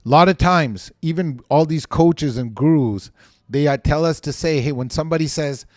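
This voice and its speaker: A man coaching on real estate sales in a motivational teaching monologue, energetic, emphatic and given to ranting. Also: fairly high pitch, normal speed, no room sound, studio quality.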